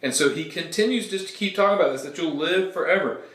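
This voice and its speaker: A pastor leads a relaxed Bible study with a bright, forceful voice pitched a little high. He explains passages plainly and keeps asking "okay?" to bring listeners along. The sound is roomy and echoey. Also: fast. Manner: casual, explanatory, checks in with "okay?". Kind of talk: conversational Bible teaching. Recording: echoey room.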